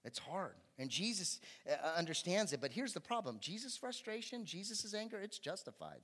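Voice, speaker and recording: A man's voice: high voice, very animated, normal speed, fairly bright tone. Man preaching a conversational sermon. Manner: conversational preaching with rising emphatic bursts. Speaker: pastor.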